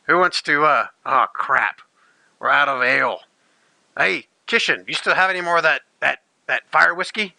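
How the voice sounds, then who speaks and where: Guy putting on a greedy dwarf, blustery, higher pitched than his normal talk. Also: normal speed, creaky, sharp tone, dry recording, heavily acted. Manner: blustery, haggling. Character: gruff greedy male dwarf.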